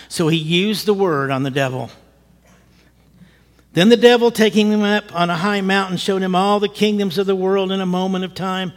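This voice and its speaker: A male pastor telling a story in a sermon, lively and animated, acting out what people said and chuckling as he goes. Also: sits high, moderate pace, big-room sound. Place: church.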